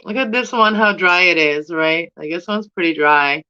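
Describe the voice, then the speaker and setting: Canadian lady rambling on about her plants to camera, bright voice, kinda muffled lo-fi sound, giggly and chatty. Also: lowish voice, moderate pace, clean tone. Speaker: plant vlogger. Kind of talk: casual chat to camera.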